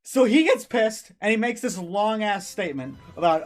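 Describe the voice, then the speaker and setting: Faint music plays behind a male streamer whose voice sits high, expressive, at normal speed. He's delivering heated, profane commentary in an angry rant, tripping over words and restarting.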